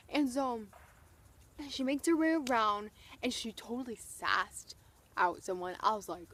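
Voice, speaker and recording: A young woman vlogger gushing through an excited storytime, full of "like" and retold quotes. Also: fairly high pitch, moderate pace, slight background noise. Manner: gushing, breathless retelling full of "like".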